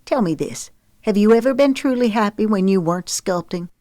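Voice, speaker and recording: A woman's voice: medium pitch, expressive, brisk, mellow, no echo, studio quality, voice pushed up, natural voice. Woman voicing Bertie, a blunt mother. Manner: frank, coaxing, plainspoken. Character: blunt, doting middle-aged mother.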